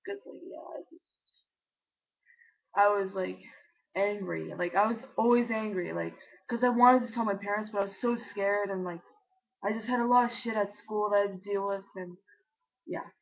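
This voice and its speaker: A man's voice: high voice, normal speed, vocal fry, dull audio. A young trans man in his late teens tells a personal story in a casual, rambling way. He fills his talk with "like" and swears freely. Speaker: vlogger.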